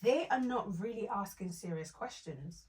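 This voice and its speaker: A woman's voice: mid-range voice, moderate pace, recorded from a distance. A woman co-hosting a casual review podcast, talking through episodes and acting out lines people said. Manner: animated, quotes people in put-on voices. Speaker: podcast co-host. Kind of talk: casual reality TV review chat.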